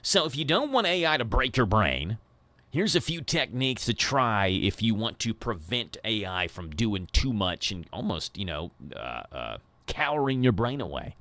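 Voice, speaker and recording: A man's voice: lowish voice, sing-song, normal speed, sharp tone, dry recording. A man hosting a morning radio show, talking casually and walking through points one by one. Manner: chatty, explains in numbered points. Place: radio studio. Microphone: studio microphone.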